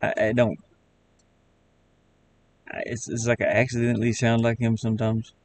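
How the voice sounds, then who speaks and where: A man with a Southern accent chatting casually on a live stream while he builds a game, rambling in halting, self-correcting bits. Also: medium pitch, little pitch movement, darkish tone, slight background noise. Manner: rambling, halting, restarts words.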